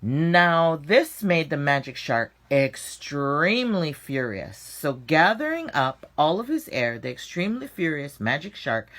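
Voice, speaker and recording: A woman reading a children's story aloud, with expressive, dramatic storytelling and slowed emphasis. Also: low-pitched.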